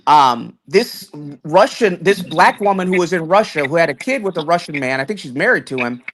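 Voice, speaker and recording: A man's voice: expressive, normal speed, a bit bright. A man in casual talk-show chat, rambling through long points with frequent restarts and repeated words. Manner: rambling, many restarts, swinging pitch when stressing points.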